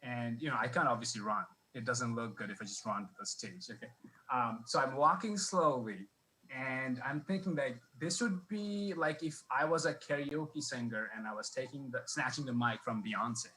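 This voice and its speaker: Bright-voiced man telling a rambling stand-up story. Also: medium pitch, moderate pace, a little hiss or hum, rough recording. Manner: rambling, self-deprecating, many restarts. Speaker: stand-up comic. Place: comedy club stage.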